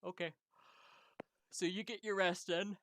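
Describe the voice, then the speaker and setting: Bright-voiced game master. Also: medium pitch, steady tone, no echo. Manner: laughs often, quick instructions. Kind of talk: running a tabletop game over voice chat.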